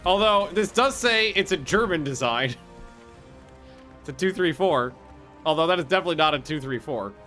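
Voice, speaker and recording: A man casually commenting on his own strategy game play, excitable, swearing freely and thinking aloud with restarts. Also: on the high side, moderate pace, pauses often, soft background music. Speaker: gaming video host.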